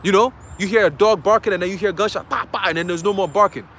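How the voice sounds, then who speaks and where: A man's voice: sits high, racing, a bit bright, slight background noise. A man preaching a dramatic, slangy sermon outdoors in a city, often checking in with his listeners. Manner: emphatic, checks in with "okay?". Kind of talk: street sermon.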